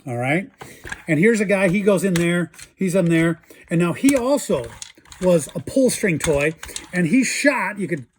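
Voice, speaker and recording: A man's voice: high voice, expressive, a little slow, a little hiss or hum. A man hosting a casual show-and-tell about old toys, chatty and enthusiastic. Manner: enthusiastic, chatty, imitates toy sounds. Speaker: toy collector host.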